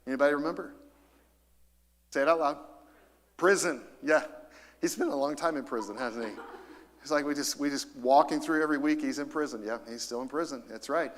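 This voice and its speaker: A middle-aged man preaching a sermon in a church, lively and emphatic, calling out to the congregation for responses. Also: mid-range voice. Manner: lively, rising to emphasis, calls for audience responses. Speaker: pastor. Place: church auditorium. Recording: long hall reverb.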